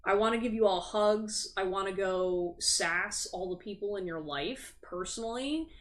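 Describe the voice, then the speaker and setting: A woman hosting a live tarot stream in a loose, rambling way, sympathetic to her viewers with a sassy edge. She talks frankly and swears without hesitation, with a voice of middling pitch for a woman. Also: normal speed. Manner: chatty, frank, swears freely. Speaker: tarot reader and livestream host. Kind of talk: casual livestream chat. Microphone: streaming setup.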